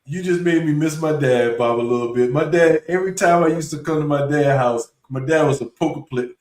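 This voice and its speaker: A man's voice: fairly high pitch, fairly quick, darkish tone. Roomy, distant male voice. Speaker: instructor. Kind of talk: casual storytelling. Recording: echoey, from far off the mic.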